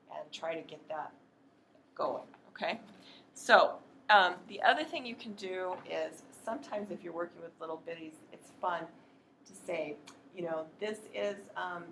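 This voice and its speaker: A woman training teachers in a workshop, explaining in a practical, chatty way and slowly sounding out words to demonstrate. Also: on the low side, fairly bright tone, echoey room, slight background noise. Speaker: literacy educator training teachers.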